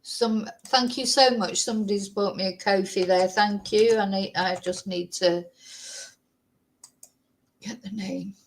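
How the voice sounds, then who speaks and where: A woman's voice: medium pitch, fairly even intonation, a little slow, pauses often. Woman, casual livestream host, rambling chatty talk. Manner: chatty, rambling, thanks viewers.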